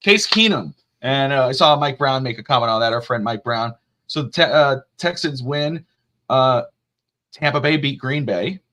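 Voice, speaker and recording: A man hosting a casual sports talk show, rambling and jokey and quick to laugh. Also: medium pitch, expressive, sharp tone. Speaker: podcast host.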